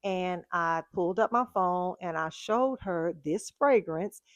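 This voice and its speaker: Woman vlogger, lowish voice, dry close mic, chatty storyteller. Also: unhurried, dry recording, dull audio. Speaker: fragrance vlogger. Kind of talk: casual chat.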